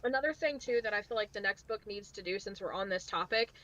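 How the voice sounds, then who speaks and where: A young adult woman co-hosting a casual book chat, rambling and thinking out loud as she goes. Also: mid-range voice, fast, muffled recording. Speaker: book channel co-host.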